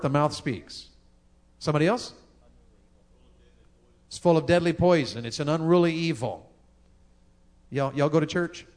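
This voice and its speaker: A man, preaching a sermon on marriage in a folksy, joking way and talking with the crowd. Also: a little high. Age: 50s. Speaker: pastor.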